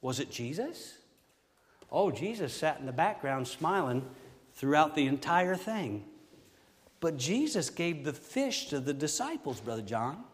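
A middle-aged man preaching a sermon, telling stories in a folksy, animated way with frequent exclamations. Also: on the high side, unhurried, long reverb tail. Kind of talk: storytelling sermon.

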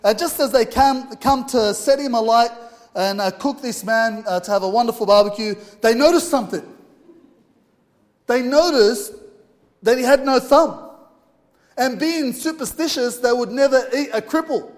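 A man's voice: very high voice, moderate pace. A man preaching a sermon in an informal, earnest way, telling a story with fillers. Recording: long hall reverb.

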